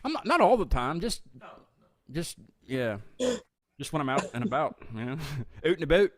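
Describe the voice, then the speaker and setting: A man's voice: a little high, big pitch swings, moderate pace. A man with a Southern US accent hosting a casual live-stream interview, rambling and stammering over repeated words. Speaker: host of a live music show.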